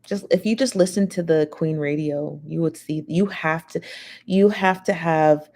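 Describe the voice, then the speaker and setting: A woman's voice: low voice, measured pace, mellow. A woman hosting a live show, chatting casually and reading out viewer comments in a rambling, gossipy way, full of fillers.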